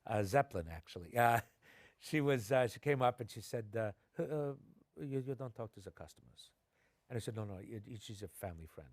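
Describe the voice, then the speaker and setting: Middle-aged man telling lively anecdotes. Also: mid-range voice, brisk, no room sound. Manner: animated anecdotes, acting out quoted voices. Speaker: actor, interview guest. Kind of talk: conversational storytelling. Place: television studio.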